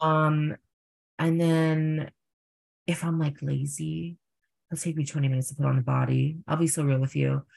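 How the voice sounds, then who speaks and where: A young man, a drag performer, telling stories in a casual interview, full of fillers and animated quoted voices. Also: on the high side, moderate pace, vocal fry.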